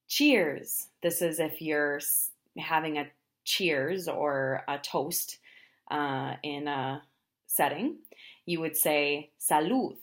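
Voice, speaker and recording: A woman teaching travel phrases in a language lesson, explaining each phrase and then saying it slowly, often twice. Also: sits low. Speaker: Spanish teacher.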